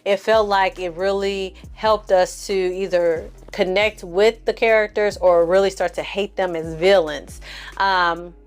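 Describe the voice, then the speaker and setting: A woman's voice: medium pitch, measured pace, smooth, faint music behind. A woman giving a casual, slang-filled recap and review of a TV episode, chatting to her viewers and acting out the characters' lines. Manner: animated, slangy, acts out characters' lines with exaggerated inflection; frequent fillers and asides to the audience. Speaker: film and TV reviewer.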